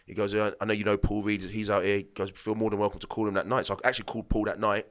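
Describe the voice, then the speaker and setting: Fairly low in pitch and level in tone, the man talks very fast. As a podcast guest and former footballer in his late thirties, he tells casual, rambling stories, often restarting and acting out the dialogue he quotes.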